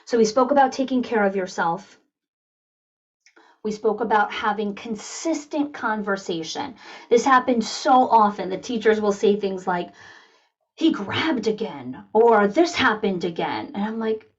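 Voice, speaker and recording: An energetic woman coaching school leaders in an online town hall. Her voice sits at a middle pitch, and the audio is a little dull and lo-fi. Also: normal speed, breathy edge.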